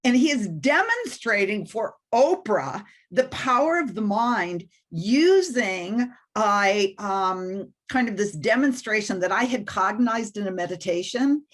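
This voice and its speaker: A woman's voice: medium pitch, lively intonation, measured pace, hardly any pauses. A woman guest on an interview, telling a personal story with animation and self-deprecating humor. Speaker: guest mentor.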